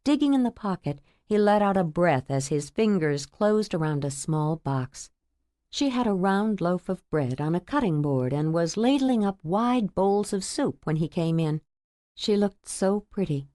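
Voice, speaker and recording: A woman narrating a romance novel audiobook in a measured, intimate storytelling manner. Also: on the low side, warm tone, dry recording, clean studio sound.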